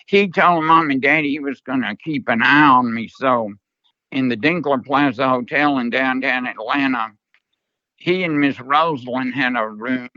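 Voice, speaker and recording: An older man telling stories from long ago as an interview guest, in a slow, earnest manner. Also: mid-range voice, pushed and bright, no room sound, muffled recording. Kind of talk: storytelling interview.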